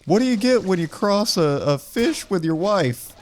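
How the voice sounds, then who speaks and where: A man putting on the voice of a creepy older church singer who tells dark jokes, shrill and cackling. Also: animated, normal speed. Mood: menacing glee.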